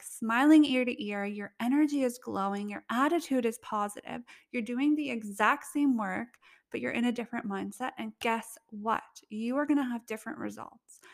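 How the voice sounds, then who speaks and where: A young adult woman hosting a casual solo podcast, chatty, filling her talk with "like" and laughing often. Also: a little high. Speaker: podcast host.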